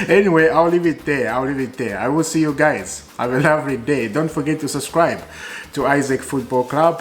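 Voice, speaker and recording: A man talking to camera as a football fan vlogger, emotional and repetitive, swinging between loud bursts and quiet musing. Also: mid-range voice. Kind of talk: casual fan commentary to camera.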